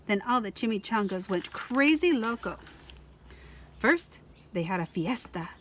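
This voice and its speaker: A woman school librarian reading a children's picture book aloud in a lively, expressive way. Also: a little high, normal speed.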